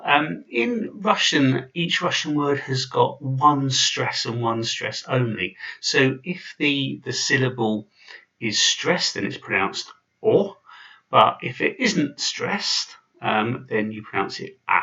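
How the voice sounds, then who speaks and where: A man's voice: medium pitch, pushed and bright, distant mic, dull audio. A man giving an informal video lesson, chatty and full of fillers and restarts. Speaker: language teacher.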